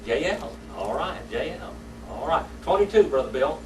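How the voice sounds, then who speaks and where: A man's voice: fairly high pitch, big pitch swings, moderate pace, a little hiss or hum. A man teaching a church Sunday School class, telling folksy stories and quizzing his students. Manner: folksy storytelling, asks the class questions. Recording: echoey room, mic far off.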